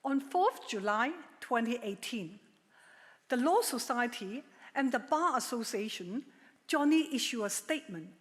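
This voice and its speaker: A middle-aged woman giving a formal prepared speech at a legal ceremony, measured and emphatic with a touch of dry humor. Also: on the high side, animated. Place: large ceremonial hall. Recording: long hall reverb.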